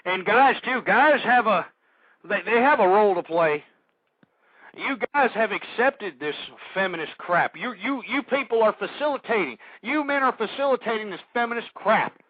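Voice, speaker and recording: Man, high voice, ranting radio host, stammering repeats, indignant, dry muffled lo-fi sound. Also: animated, moderate pace, dry recording. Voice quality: stammering, repeats words when worked up. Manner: angry, indignant, preachy. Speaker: internet radio talk show host. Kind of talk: ranting talk radio monologue. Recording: dull lo-fi internet radio audio.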